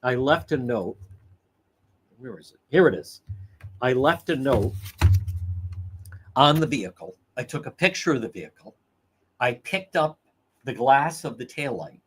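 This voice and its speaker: A man's voice: mid-range voice, unhurried, pauses often, a little hiss or hum. A man hosting a livestream, telling stories in a casual, profane, laughing way. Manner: profane, laughing, animated storytelling. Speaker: livestream host.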